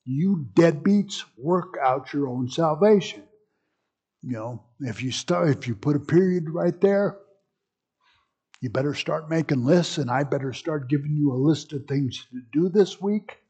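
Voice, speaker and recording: Pastor, male, gravelly and husky, slow conversational sermon delivery with teaching asides. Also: on the high side, animated, warm tone.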